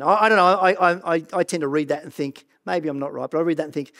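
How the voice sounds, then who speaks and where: Earnest high-voiced male pastor preaching. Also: quick pace, gravelly. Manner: earnest, animated preaching with stumbles and repeats. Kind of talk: sermon. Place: church.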